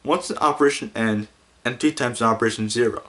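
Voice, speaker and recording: A man talking through his podcast in a loose, rambling way. He stumbles and restarts and breaks into giggles as he goes. His pitch sits in an ordinary middle range. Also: fast talker, fairly bright tone. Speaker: podcast host. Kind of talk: casual podcast monologue.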